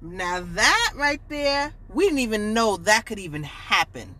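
A co-host of Caribbean heritage in a casual podcast chat, chiming in with quick agreements and patois lines. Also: mid-range voice. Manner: lively, chimes in with short agreements and patois lines.

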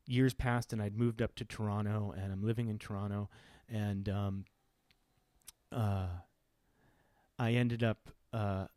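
A man's voice: on the low side, little pitch movement, measured pace, pauses often, darkish tone, dry recording. A middle-aged man hosting a podcast, telling a personal story in an earnest, reflective way that often stops and restarts. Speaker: podcast host.

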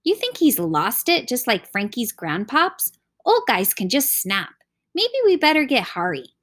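A woman's voice: fairly high pitch, sing-song, unhurried, a bit bright, exaggerated voice. A woman doing an eager restless boy. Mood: casual. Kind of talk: audiobook character voice.

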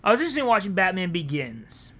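A podcast co-host in casual chat, animated and jokey, breaking into sound effects and impressions. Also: medium pitch, quick pace.

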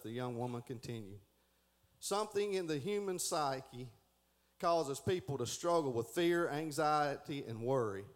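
A man's voice: medium pitch, animated, unhurried. A middle-aged man giving a folksy Sunday school lesson, stumbling and restarting as he reads aloud.

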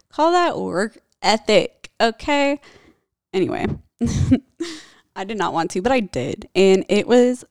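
Young woman vlogger, blunt confessional storyteller who curses often; raspy vocal fry, dead-dry recording. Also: fairly low pitch, darkish tone, dry recording. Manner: blunt, heavy swearing, candid. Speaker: vlogger telling a personal story.

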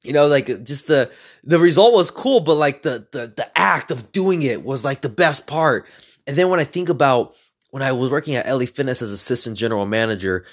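A young man casually telling personal stories in a rambling, profane way, getting animated as he retells them. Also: mid-range voice, brisk. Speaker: speaker sharing personal stories. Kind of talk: casual storytelling monologue.

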